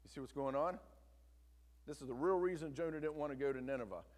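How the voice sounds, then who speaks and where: A male pastor preaching with a somewhat high voice, storytelling with emphatic rises and drops. His voice carries through a church sanctuary with a long reverb. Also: quick pace, a little mellow. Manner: storytelling, emphatic, asks the congregation to listen. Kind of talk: sermon.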